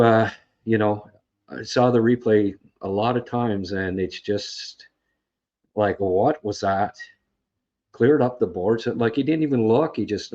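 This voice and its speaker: Low-voiced man ranting on a lo-fi stream. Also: a little slow, a little mellow. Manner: frustrated, rambling with fillers and restarts. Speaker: podcast host. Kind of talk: casual livestream game recap. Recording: dull lo-fi sound.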